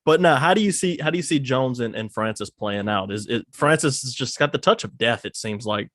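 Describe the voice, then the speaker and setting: A man's voice: medium pitch, animated, a little fast, fairly bright tone. A man hosting an interview, asking brief questions and giving short agreeing replies. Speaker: interviewer, host.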